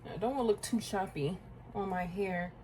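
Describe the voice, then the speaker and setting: A woman's voice: mid-range voice, brisk, background noise. A woman in her twenties chatting casually to viewers while doing her hair, talking to herself as she goes and calling them y'all and girl. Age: 20s. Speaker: beauty vlogger. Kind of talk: casual get-ready-with-me chat.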